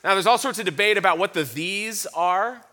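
A man's voice: high-pitched, brisk, bright, forceful tone. A male pastor preaching a sermon in an earnest, reflective way, often repeating words.

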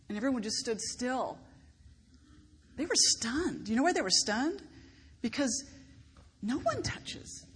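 A woman pastor preaching a sermon, expressive and emphatic, lifting her voice on key words. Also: medium pitch. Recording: long reverb of a large hall, faint background noise.

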